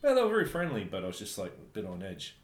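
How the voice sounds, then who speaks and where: A man from New Zealand telling travel stories in casual chat, animated and laughing often. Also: fairly low pitch, rapid-fire. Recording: echoey room, faint background noise.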